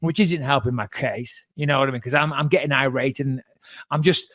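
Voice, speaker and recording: A man co-hosting a podcast, telling a story in a casual, animated way, swearing freely and acting out the voices of the people he quotes. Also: mid-range voice, fairly quick, no room sound. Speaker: podcast co-host.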